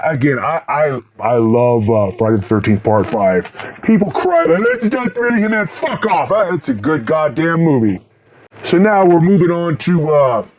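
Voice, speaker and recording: A middle-aged man reviewing horror movies in a casual, rambling way, swearing constantly and breaking into loud laughs. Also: medium pitch. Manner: profane, rambling, bursts into loud laughs and shouts.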